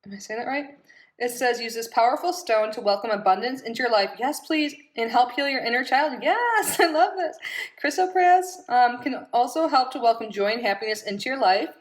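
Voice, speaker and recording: A woman's voice: fairly high pitch, brisk, poor audio. A woman doing a casual unboxing vlog, bubbly and gushing, with frequent giggles, in a small room at home. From Florida. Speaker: unboxing vlogger.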